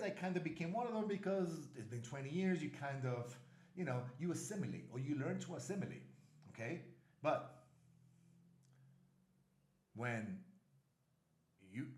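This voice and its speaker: A man's voice: a little high, a little mellow, roomy sound. A middle-aged man with a New York accent, speaking bluntly to camera and repeating his warnings for emphasis. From New York, USA. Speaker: travel vlogger. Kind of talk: casual direct-to-camera warning talk.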